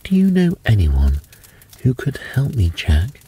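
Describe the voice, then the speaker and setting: A man's voice: mid-range voice, huge pitch swings, unhurried, mellow, breathy edge, voice pushed up, heavily acted. A man voicing a small, frightened male pixie elf who pleads anxiously. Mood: pleading. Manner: plaintive, anxious.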